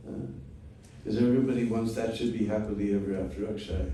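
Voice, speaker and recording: A man teaching a storytelling class at an unhurried pace, often checking in with "hmm?". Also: fairly low pitch, fairly even intonation, mellow, a little hiss or hum. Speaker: spiritual teacher. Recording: echoey room from far off.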